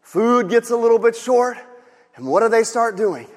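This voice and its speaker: A male pastor preaching a sermon with emphasis, often rising to shouts and asking rhetorical questions. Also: very high voice, animated, moderate pace, big-room sound.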